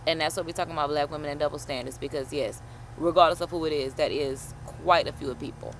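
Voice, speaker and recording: A woman host chatting casually while reacting to a video, animated and slangy, swearing and calling listeners honey. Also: deep voice, fast talker, background noise. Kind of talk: casual chat.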